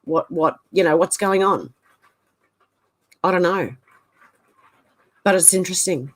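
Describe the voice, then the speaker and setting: A woman's voice: on the low side, measured pace. A woman hosting a casual livestream, reading out viewer comments and thinking aloud with hesitant asides. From Australia.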